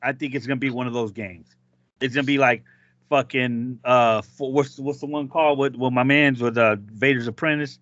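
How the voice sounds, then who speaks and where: A podcast host leading a casual chat in slang, reacting loudly and steering the topic, recorded in dry, dull lo-fi audio. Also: male voice, mid-range voice, fairly even intonation, moderate pace, no room sound. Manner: loud reactions, big laughs, slangy.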